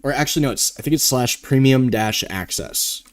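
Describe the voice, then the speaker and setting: A man's voice: mid-range voice, normal speed. A man hosting a live trading stream, talking casually and rambling, with the odd yawn. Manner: rambling, conversational, yawning now and then.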